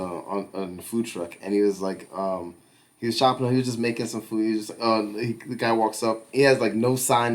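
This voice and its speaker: Laughing, rambling man podcaster. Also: lowish voice. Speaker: podcast co-host. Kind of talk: casual chat.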